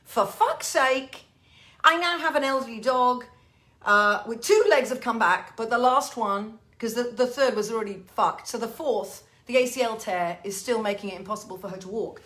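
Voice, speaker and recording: A woman's voice: on the high side, moderate pace, fairly bright tone. A woman musician hosting a livestream from her home piano, chatting casually with viewers, swearing freely and mocking herself. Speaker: singer-pianist hosting a livestream show. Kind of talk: casual chat to online viewers.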